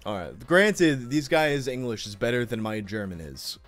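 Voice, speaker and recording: Guy streaming from his room, loud crude jokes, mid-pitch voice, faint music going. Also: animated, moderate pace, no echo. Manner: loud, crude, mocking, bursts of laughter. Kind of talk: casual profane live-stream commentary.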